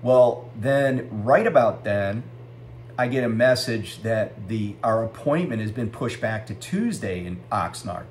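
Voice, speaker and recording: A man's voice: fairly low pitch, lively intonation, a little slow, slight background noise. A middle-aged man who drives a truck, telling a story in a casual, ranting vlog and swearing freely.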